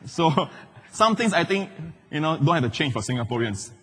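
A middle-aged male pastor preaching a sermon, animated, swinging between loud declarations and hushed asides. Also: fairly high pitch, normal speed, husky. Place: large church hall. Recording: live church hall with long reverb.

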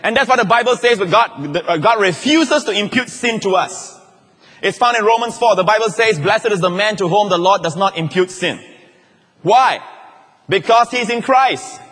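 A man preaching a sermon to a church crowd, animated, often checking in with "all right?" and rising to shouts on key lines. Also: high voice, normal speed. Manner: repeats words and restarts, asks the crowd "all right?". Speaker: pastor. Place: large church hall. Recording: live hall echo.

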